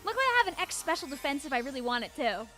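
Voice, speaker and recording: Giggly, high-voiced woman streamer. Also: rapid-fire, faint music behind. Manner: giggly and excitable, laughs often. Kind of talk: casual gameplay livestream commentary.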